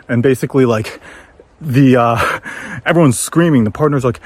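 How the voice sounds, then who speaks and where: A man's voice: brisk, slightly rough. Man telling a story on a hike. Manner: animated, acts out quoted voices in high pitch. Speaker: former trader telling a story. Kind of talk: casual storytelling while hiking. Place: outdoors on a forest trail.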